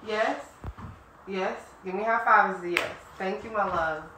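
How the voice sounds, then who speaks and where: A woman in a home vlog, gently coaxing a child with sweet talk. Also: medium pitch, a little slow. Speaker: vlogger. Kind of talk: casual family vlog. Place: home indoors. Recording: roomy, distant, noisy phone audio.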